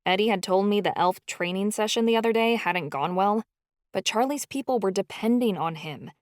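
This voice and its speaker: A woman narrating a first-person audiobook in an expressive, emotional storytelling style. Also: mid-range voice, moderate pace, no echo, studio quality.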